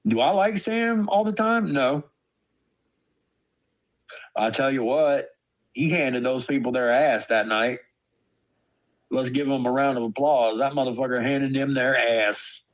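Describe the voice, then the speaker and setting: An adult father streaming a heated rant about online drama swears hard and stammers in disbelief, angry throughout. His mid-range voice is expressive and a little slow, with long pauses, and the audio is poor.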